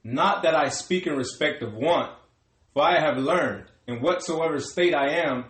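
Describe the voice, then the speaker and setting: A man reading verses aloud in a steady, formal way during a sermon. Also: a little high, measured pace, echoey room. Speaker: scripture reader.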